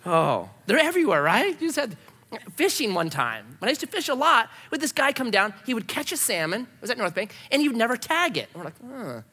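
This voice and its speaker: Lively storytelling pastor in a hall. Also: male voice, very high-pitched, a little fast, husky. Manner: storytelling, acting out voices in anecdotes. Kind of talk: sermon. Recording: long hall reverb.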